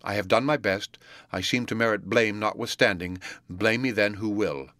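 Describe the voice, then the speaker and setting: A man narrating speaks for a grave, reserved young woman teacher in a low, clear, restrained voice. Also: normal speed, pushed and bright, no room sound. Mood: weary.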